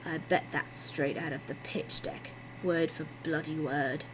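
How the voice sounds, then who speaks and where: A woman's voice: deep voice, fairly even intonation, a little slow, noisy background. A woman voicing a sardonic man who mutters his jabs.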